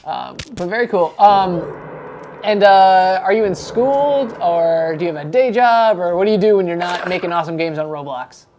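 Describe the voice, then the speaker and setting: A man's voice: sits high, moderate pace, darkish tone, muffled recording. Man, stream host, upbeat, chatty, faint hiss behind. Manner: upbeat, chatty, laughs easily. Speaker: show host. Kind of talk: casual livestream chat. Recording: faint background noise.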